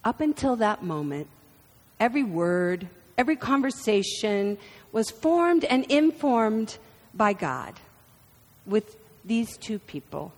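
A woman in her fifties preaching a sermon, expressive and storytelling. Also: medium pitch, slow. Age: 50s. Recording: reverberant hall.

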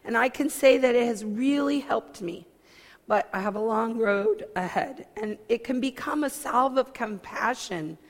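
A woman minister speaks to her congregation in a fairly high voice, expressive and self-mocking. She drops to soft asides, then breaks into loud outbursts. Her words ring out with a long hall reverb, as in a church. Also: unhurried. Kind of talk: personal sermon talk.

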